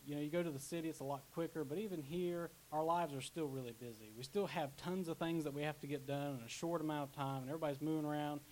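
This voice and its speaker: A man's voice: fairly high pitch, steady tone, fast, hardly any pauses, a little mellow, low-quality recording. A young man preaching a casual sermon as pastor, chatty, with asides and restarts. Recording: faint hiss.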